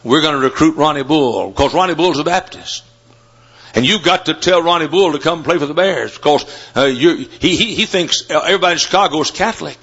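A man doing a pushy football coach, forceful and husky, dull lo-fi sound. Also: on the high side, fairly quick. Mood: pleading. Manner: insistent, pleading. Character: pushy, excited male football coach recruiting.

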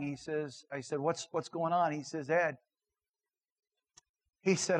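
A middle-aged man preaching from the pulpit in a slightly raised, tenor-leaning voice. He swings between loud, emphatic declarations and quiet, earnest storytelling. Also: a little high, fairly even intonation, a little slow, pauses often, low-quality recording. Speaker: pastor. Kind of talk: sermon with personal story.

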